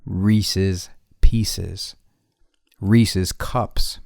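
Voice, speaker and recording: A man hosting a casual podcast chat, swearing freely and swinging between quiet reflection and loud ranting. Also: low-pitched, moderate pace, vocal fry, no room sound, clean studio sound. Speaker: podcast host.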